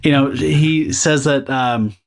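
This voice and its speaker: Slow-paced and creaky, with a medium pitch and fairly even intonation, this co-host laughs his way through a rambling, filler-heavy recap of a comic story. It's a casual podcast about comic books.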